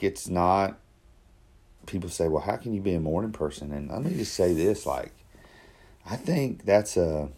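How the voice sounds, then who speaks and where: Low-voiced guy rambling through a casual video diary, lots of restarts. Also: gravelly, a little mellow, slightly rough. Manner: rambling, self-correcting, with repeated starts. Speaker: daily video diarist. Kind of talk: casual self-reflective monologue.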